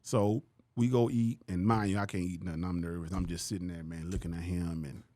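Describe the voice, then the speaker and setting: A man's voice: deep voice, brisk, no echo. A man from Louisiana, a comedian guest telling stories in casual slang and acting out the people in them. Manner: animated, slangy, acts out the people he quotes. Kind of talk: casual storytelling on a podcast.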